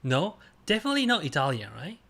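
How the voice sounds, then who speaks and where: His pitch runs on the high side as he streams a guessing game. The talk is casual and halting, made of simple phrases punctuated by bursts of enthusiastic cheering.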